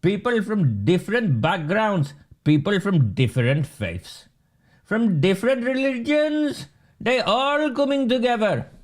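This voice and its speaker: A man's voice: high-pitched, very animated, a little slow, pitched above the performer's own voice. A man mocking a grandiose male councillor. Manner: speechifying, broken grammar.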